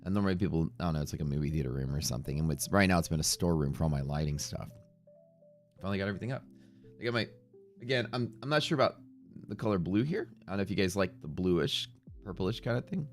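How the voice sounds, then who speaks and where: Low-voiced male streamer, casual and rambling, soft music in the background. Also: animated, fast talker. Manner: greets viewers by name, jokey and rambling. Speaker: livestream trading host. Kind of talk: casual livestream chat. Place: home streaming room.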